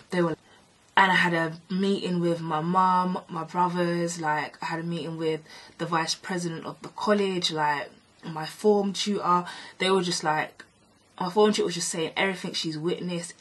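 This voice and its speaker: A woman tells a personal story straight to camera, animated and acting out past arguments. Her voice sits low and has a husky edge. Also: rough recording. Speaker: vlogger. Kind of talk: storytime narration.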